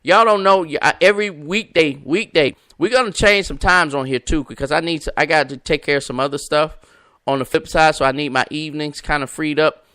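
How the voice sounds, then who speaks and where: Male host, preacher cadence, bright and forceful, dry close mic. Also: a little high, fairly quick, smooth, no room sound. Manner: emphatic, repetitive, preacher-like cadence; talks to viewers and callers by name. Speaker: podcast host. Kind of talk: live-stream preaching talk.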